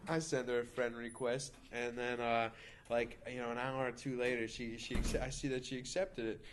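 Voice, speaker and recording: A man's voice: mid-range voice, little pitch movement, normal speed. A man in his twenties telling a long, crude story in casual chat, rambling with lots of fillers and repeats. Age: 20s. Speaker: podcast storyteller.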